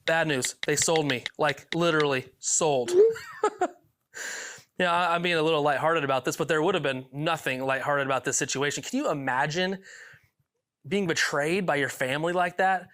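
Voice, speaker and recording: A man's voice: fairly high pitch, moderate pace, a bit bright. A man preaching a youth sermon, reading Bible passages and adding lighthearted asides with small chuckles and repeated words. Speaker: youth pastor.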